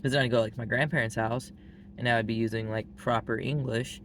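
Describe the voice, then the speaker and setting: Flat-voiced Southern man, blunt and rambly. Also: medium pitch, fast talker, slight background noise. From Arkansas, US. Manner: blunt and frank, heavy use of "like" fillers. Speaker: vlogger. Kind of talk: casual monologue to camera.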